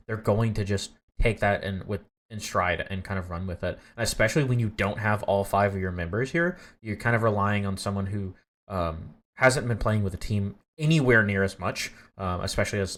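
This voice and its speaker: A man's voice: on the low side, fairly quick, a bit bright. A man casting an esports match live, rambling with many fillers and restarts, flustered by technical trouble. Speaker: esports caster. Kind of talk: live play-by-play commentary.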